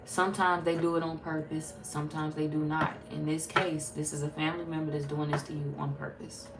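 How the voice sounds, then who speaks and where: A woman's voice: low voice, little pitch movement, fairly quick, very noisy. A woman reading tarot in a casual, blunt, chatty way, swearing freely. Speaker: tarot reader. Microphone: phone.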